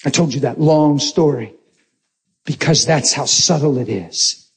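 A male preacher with a high voice delivers a sermon. He tells stories with energy, jokes and laughs along the way. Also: unhurried. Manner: animated storytelling, joking and laughing. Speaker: pastor.

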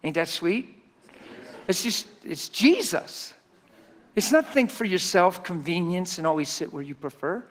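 A man preaching a sermon through folksy, animated personal stories. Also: sits high, measured pace. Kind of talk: storytelling sermon.

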